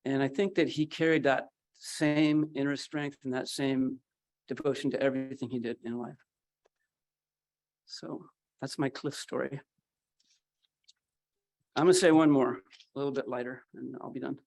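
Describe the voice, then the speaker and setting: A man's voice: medium pitch, fairly even intonation, normal speed, creaky, long pauses, darkish tone. A man telling a personal story at a memorial, acting out the voices of the people in it. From Northern California. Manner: acts out quoted voices in his story. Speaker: memorial speaker. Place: memorial gathering.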